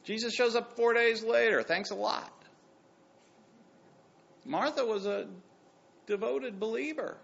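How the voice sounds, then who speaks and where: High gravelly preacher guy, voice jumps all over, kinda dull lo-fi sound. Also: a little slow, long pauses. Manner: animated, swings between hushed and loud, acts out quotes. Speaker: pastor. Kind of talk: sermon.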